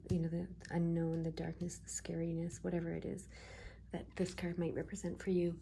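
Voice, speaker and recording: A woman giving a casual tarot reading, soft-spoken and reassuring, often slipping into a half-whisper as she muses over the cards. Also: lowish voice, monotone, a little fast, vocal fry, a little hiss or hum. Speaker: tarot reader.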